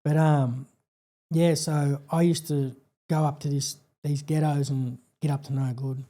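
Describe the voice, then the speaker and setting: An Australian man recounting a painful personal story as a podcast guest, earnest and halting, with many fillers and restarts. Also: on the high side, little pitch movement, mellow.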